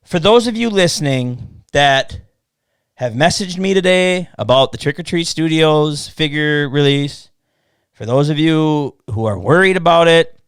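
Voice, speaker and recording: A man's voice: a little high, clear, resonant tone, dry recording. A man with a slightly raised voice, talking casually on a podcast and swearing freely. He tells stories with a lot of energy and mimics the people he quotes. The sound is dry and close. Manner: profane, animated storytelling with mocking quoted voices. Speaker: podcast host.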